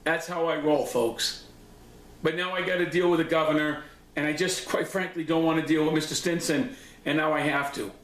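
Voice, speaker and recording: A man's voice: fairly high pitch, fairly even intonation, moderate pace, a bit bright. A man giving a blunt, profane, confrontational recap of a board meeting, speaking straight to the people involved. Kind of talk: angry personal recap monologue. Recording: echoey room.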